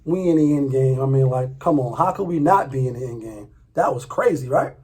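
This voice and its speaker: Husky-voiced man ranting casually. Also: mid-range voice, brisk, a little mellow. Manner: loose, profane, repeats himself, laughs often. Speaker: vlogger. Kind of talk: casual commentary.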